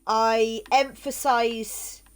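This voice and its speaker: A woman streaming a video game, chatting casually with viewers in a halting way, tripping over words. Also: fairly high pitch, steady tone.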